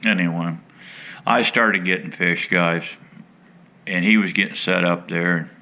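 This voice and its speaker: A man's voice: low voice, steady tone, unhurried, sharp tone, a little hiss or hum. A middle-aged man who hosts an outdoors show, telling a rambling, folksy fishing story to his viewers in a casual, chatty way.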